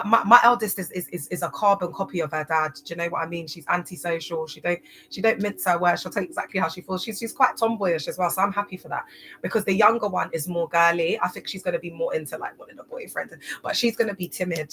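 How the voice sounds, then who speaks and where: A woman's voice: on the low side, poor audio. A woman, hosting a casual livestream, chatty and full of slang, often repeating herself. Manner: chatty, repetitive, slangy, swings loud and soft. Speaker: livestream host. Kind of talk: casual live-stream talk.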